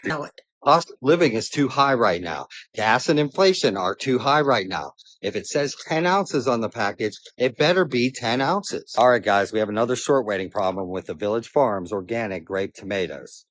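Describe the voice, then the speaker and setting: A man's voice: mid-range voice, lively intonation, normal speed, fairly bright tone, no echo. A man testing product weights in a video, matter-of-fact as he counts out readings.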